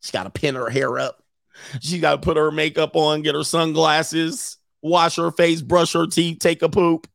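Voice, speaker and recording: Higher-voiced man joking through a reaction. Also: flat delivery, moderate pace, vocal fry, fairly bright tone, dry recording, studio quality. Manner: joking, slangy, laughing asides. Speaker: dating coach. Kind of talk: live reaction commentary.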